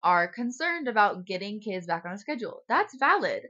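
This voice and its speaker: Woman co-host, blunt casual chat, lively pitch, dull lo-fi sound. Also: moderate pace. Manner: blunt, frequent "like". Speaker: podcast co-host.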